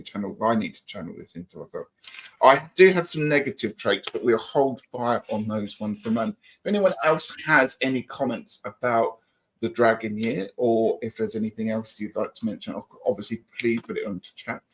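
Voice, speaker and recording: A man's voice: medium pitch, moderate pace, a bit bright, a little hiss or hum. A middle-aged man co-hosting a livestream, chatting casually and reading out viewer comments in an upbeat, friendly way. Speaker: livestream co-host.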